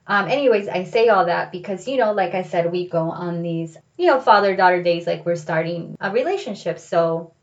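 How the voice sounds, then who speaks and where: Candid, lowish woman telling personal stories. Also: moderate pace, hardly any pauses, highs cut off. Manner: candid, reflective, filler-heavy with "like" and "you know". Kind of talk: personal storytelling.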